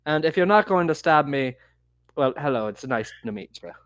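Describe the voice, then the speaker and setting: A man playing a polite, flattering male prisoner with an odd accent, talking haltingly with many fillers. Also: fairly high pitch, no room sound, clean studio sound. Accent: odd put-on accent. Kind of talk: tabletop game role-play.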